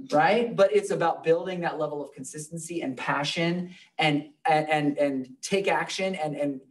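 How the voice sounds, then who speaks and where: A man's voice: on the high side, recorded from a distance. A man leading a live real estate training class, talking loosely and joking with the room.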